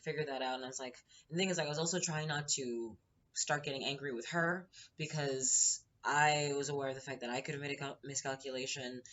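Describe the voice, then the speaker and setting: A woman's voice: deep voice, a bit bright, muffled recording. A woman hosting her own show, retelling a story in a casual, heated and profane way, acting out the quotes. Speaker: podcast host.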